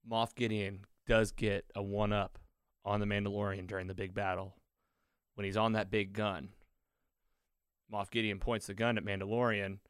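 A man hosting a casual podcast chat, retelling a show's episode with excitement and quick acted-out quotes. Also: fairly low pitch, clear, resonant tone, dry recording, clean studio sound. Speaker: podcast host.

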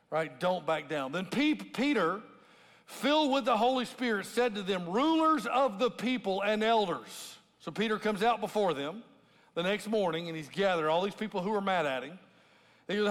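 A lead pastor preaches conversationally in a large church auditorium before a congregation, often asking "right?" and acting out scripture in a raised voice. His voice sits high and is expressive and fairly bright, at normal speed. The recording carries long hall reverb from the big room.

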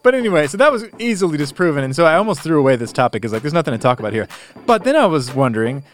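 A man's voice: on the high side, sing-song, very fast. A man hosting a casual podcast chat, rambling and restarting his sentences and laughing often.

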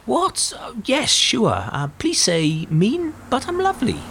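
A woman's voice: fairly high pitch, big pitch swings, a little slow, gravelly, a bit bright, slight background noise, pitched above the performer's own voice, heavily acted. A woman playing an exasperated young woman dictating texts to her phone, in a comedy sketch. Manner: exasperated, yelping.

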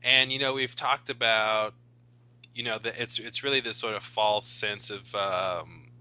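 A man's voice: fairly low pitch, steady tone, unhurried, sharp tone, low-quality recording. A man co-hosting a casual podcast, talking through ideas thoughtfully with a rambling flow and many fillers. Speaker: podcast co-host.

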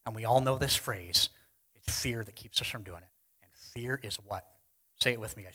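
Husky, earnest male preacher. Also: on the low side, moderate pace, low-quality recording. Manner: earnest, swings between loud emphasis and hushed lines. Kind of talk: sermon. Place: church hall with congregation.

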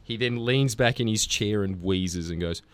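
A man hosting a podcast, joking loudly and laughing as he chats with guests. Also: fairly low pitch, smooth. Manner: rowdy, quick to laugh and joke. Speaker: podcast host. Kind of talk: casual banter.

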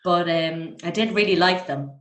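A woman with an Irish accent, telling stories in casual chat, animated and laughing often. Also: fairly low pitch, normal speed, roomy sound. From Ireland. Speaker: guest.

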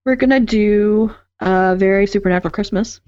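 A woman's voice: medium pitch, normal speed, warm tone, clear, resonant tone, dry recording, lo-fi sound. A woman co-hosting a fan podcast, gushing and enthusiastic in casual chat. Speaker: podcast co-host.

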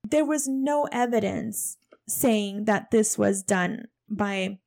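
A woman's voice: medium pitch, slow pace, creaky, a little mellow. A young woman co-hosting a casual chat, blunt and indignant, swearing freely. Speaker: podcast co-host.

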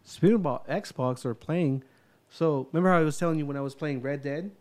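A man co-hosting a casual podcast, telling a story in an animated, heavily profane way. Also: fairly high pitch, brisk. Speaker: podcast co-host. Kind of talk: casual chat.

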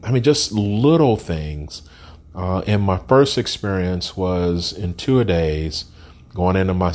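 A man's voice: sits low, darkish tone. A man in his sixties telling his life story as an interview guest, candid and plain-spoken with frequent ums and restarts. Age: 60s.

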